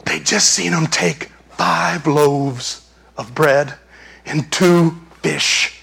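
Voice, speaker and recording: A man preaching a lively sermon, his voice sitting a little above the usual male range. He tells the story with energy and acts out the screams and shouts of the people in it. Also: fairly high pitch, extremely slow, creaky, slightly rough. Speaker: pastor.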